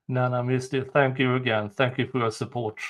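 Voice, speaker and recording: A man's voice: mid-range voice, steady tone, moderate pace. A man with a Swedish accent hosting a live stream, commenting casually on a trial with sarcastic jokes and swearing. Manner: joking, sarcastic, swears freely. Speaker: livestream host commenting on a trial.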